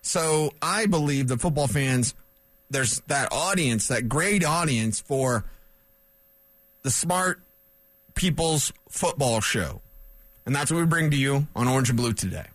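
A man's voice: mid-range voice, unhurried, dry recording. A man hosting a sports talk radio show in a studio, ranting and cracking jokes with rambling asides. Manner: animated, wisecracking, rambling asides.

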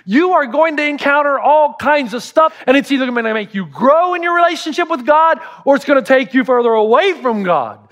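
A middle-aged man delivers a sermon with a voice pitched noticeably high for a man. He teaches like a storyteller, dropping in humor and acting out the people he quotes. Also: expressive, brisk, few pauses, a bit bright, in a large hall. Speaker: pastor.

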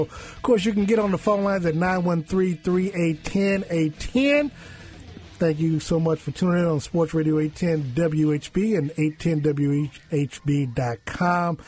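A man's voice: a little high, darkish tone. A male sports radio host in a studio, talking in a boisterous, loose and chatty way with slang. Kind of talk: casual sports radio talk. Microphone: studio microphone.

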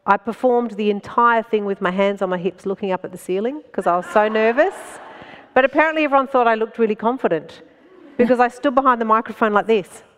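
A woman with an Australian accent, a stand-up comedian telling a story as a guest in an animated way and laughing between phrases. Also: on the high side, brisk, clear, resonant tone, in a large hall. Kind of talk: anecdotal storytelling in conversation.

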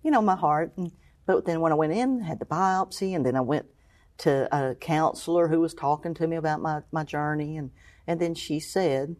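A middle-aged woman with a fairly low voice shares a personal story as an interview guest. She acts out what others said, drops to a hush in the heavy moments and rises sharply when she gets excited. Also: normal speed. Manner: storytelling, acts out quoted voices, swings from hushed to exclaiming. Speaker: guest, cancer survivor. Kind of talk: emotional personal testimony.

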